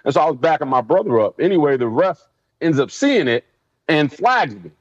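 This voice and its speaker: A man's voice: fairly high pitch, fairly quick, dry recording. A man, a former pro football player, telling stories in a casual interview and acting out what others said. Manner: animated, acts out quotes in raised voices. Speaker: former NFL player guest. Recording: dull lo-fi sound.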